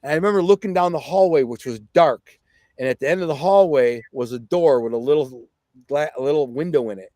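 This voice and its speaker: A man's voice: fairly high pitch, fairly quick, warm tone, dry recording. A man guest telling a personal story in blunt, plainspoken street talk. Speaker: podcast guest.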